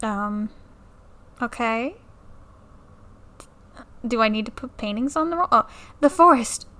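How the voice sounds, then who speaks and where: A woman's voice: on the high side, animated, takes it slowly, pushed and bright. A young woman casually commenting on a game at home into a new mic, playfully reading the dialogue aloud and joking about it. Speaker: let's play creator. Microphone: new desktop mic.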